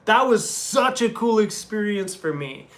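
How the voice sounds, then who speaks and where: A man's voice: sits high, lively intonation, measured pace, a bit bright. A man hosting a casual live stream from a hotel room, chatting with viewers and reading their comments in a laid-back, chummy way. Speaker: van-life YouTuber hosting a live stream. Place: hotel room, seated on a small chair.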